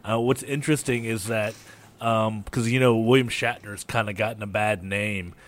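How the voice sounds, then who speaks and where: A man co-hosting a podcast in relaxed casual chat. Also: on the low side, normal speed. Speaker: podcast co-host.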